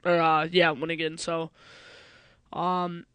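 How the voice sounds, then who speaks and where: A man's voice: a little high, completely flat delivery, slow, pushed and bright, clear, resonant tone, no room sound. A tired man giving casual sports prediction commentary, rambling, correcting himself and swearing offhand. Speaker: video host.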